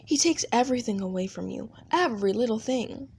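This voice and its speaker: A woman's voice: a little high, animated, fairly quick, creaky, a little mellow, a little hiss or hum. A woman narrating a second-person fan audio story in a plain storytelling manner.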